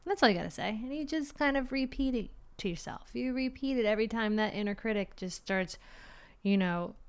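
Middle-aged woman, casual vlog monologue, rambling and chatty, the odd soft whisper. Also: a little high, lively intonation, a little fast, clean tone. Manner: rambling, chatty, many fillers; drops to a soft whisper at times. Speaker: vlogger.

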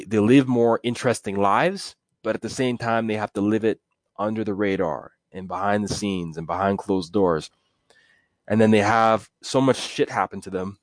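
A man with a low voice hosts a solo podcast. He talks in a relaxed, conversational way with frequent fillers, and the sound is dry and close. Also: dry recording. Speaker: podcast host.

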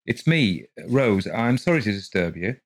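A man's voice: on the low side, big pitch swings, measured pace. A man voicing an anxious young mother who talks politely and hesitantly, stammering as she apologizes.

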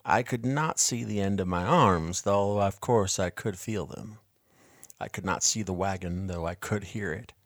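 A man with a lowish voice narrates a first-person story, calm, measured and introspective. The recording is close and dry, with no room sound. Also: no room sound. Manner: measured, quiet, reflective.

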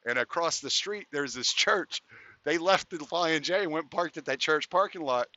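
A man, a podcast guest, telling stories in a casual, profane, animated way, recorded lo-fi. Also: a little high, normal speed, no room sound. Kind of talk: casual storytelling.

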